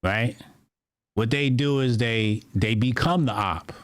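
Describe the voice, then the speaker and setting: A man co-hosting a podcast, talking in a casual, animated, mocking way and often mimicking other people. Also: mid-range voice, moderate pace, dry recording. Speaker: podcast co-host.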